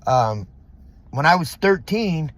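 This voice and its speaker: A man's voice: fairly high pitch, very animated, slow, fairly bright tone. A middle-aged man from Southern California, venting in a rambling, profane vlog monologue full of fillers, recorded in a parking lot. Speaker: vlogger.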